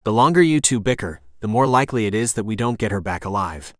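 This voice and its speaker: A blunt young woman, bossy and out of patience, as a male narrator reads her, spoken in a lowish, even voice. The delivery is sharp and clipped. The recording is close and dry. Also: quick pace, dry recording. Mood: exasperated. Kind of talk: audiobook character voice.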